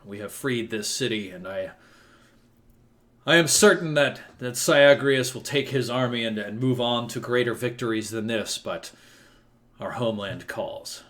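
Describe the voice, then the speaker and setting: A man voicing a weary, loyal earl who speaks in a measured, resigned way. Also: medium pitch, fairly bright tone, natural voice.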